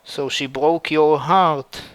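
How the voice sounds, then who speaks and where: A man's voice: on the high side, fairly even intonation, slow, fairly bright tone, smooth, no echo. A man reading the part of a caring but vengeful young woman fighter in a fan story.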